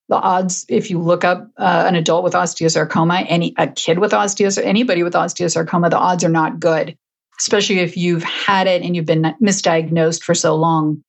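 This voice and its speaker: A woman's voice: fairly low pitch, little pitch movement, a little fast, gravelly. A middle-aged woman, an interview guest, telling her story conversationally with frequent restarts. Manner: frequent restarts, emotional at moments.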